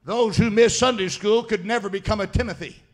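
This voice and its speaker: A man preaching a sermon as pastor, fiery, swinging between shouted declarations and low, quiet asides. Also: fairly quick.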